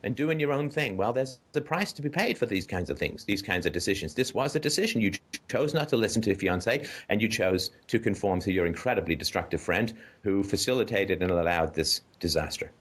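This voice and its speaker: A man's voice: fairly low pitch, lively intonation, a little fast, few pauses, a bit bright. A man hosting a call-in show, giving a caller blunt, profane advice in an emphatic, lecturing way and often asking "right?".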